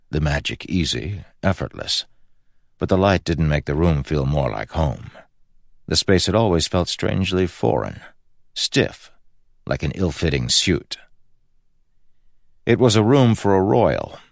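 A man narrating a fantasy novel in a measured, even storytelling manner. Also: extremely low pitch, gravelly, dry recording, studio quality. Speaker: audiobook narrator. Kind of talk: scripted narration.

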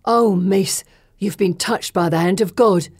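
A woman's voice: medium pitch, a little slow, darkish tone, close to an everyday voice. Woman doing a fervent devout maid. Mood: awed.

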